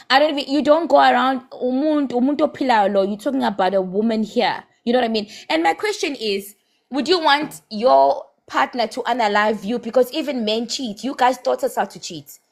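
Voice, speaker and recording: Impassioned South African woman scolding. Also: fairly high pitch. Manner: impassioned and scolding, slips in Zulu words. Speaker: live stream participant. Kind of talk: heated live-stream debate.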